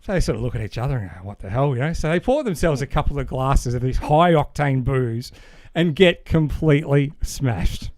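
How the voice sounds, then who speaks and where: A man's voice: mid-range voice, expressive, a little fast, a little mellow, no echo. An Australian man co-hosting a podcast, chatting casually and rambling through a dad joke, with plenty of fillers and chuckles. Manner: rambling, fond of fillers, chuckles at own jokes. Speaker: podcast co-host.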